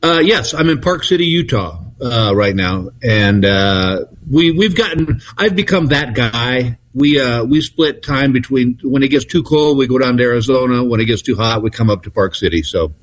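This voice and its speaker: Comedian guest, 60s, grew up in Texas; relaxed anecdotal delivery, chuckles often. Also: male voice, medium pitch. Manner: laid-back storyteller, chuckling, drawn-out pauses. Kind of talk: casual anecdote-telling. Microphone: phone call-in.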